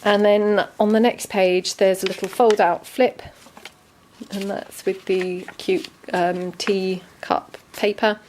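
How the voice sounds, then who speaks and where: A woman casually walking through a handmade junk journal, chatty and relaxed with frequent ums. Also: mid-range voice, slow pace, slight background noise. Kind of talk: casual show-and-tell narration.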